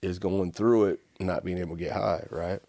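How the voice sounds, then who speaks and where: Deep-voiced man telling his story casually. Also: normal speed, vocal fry, slight background noise. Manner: casual, animated storytelling with frequent "right?" and "like". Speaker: podcast guest. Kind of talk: conversational storytelling.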